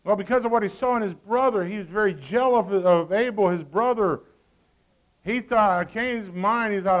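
A male pastor delivers a sermon in a high-pitched voice at a moderate pace. He reads scripture in old-fashioned wording and calls out to his congregation, swinging between loud and hushed.

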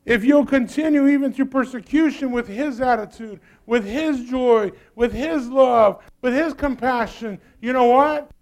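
Preacher guy, really high voice, folksy, throws questions back at the church crowd. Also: measured pace, few pauses. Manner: preaching with call-and-response to congregation, folksy phrasing. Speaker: pastor. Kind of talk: sermon. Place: church sanctuary.

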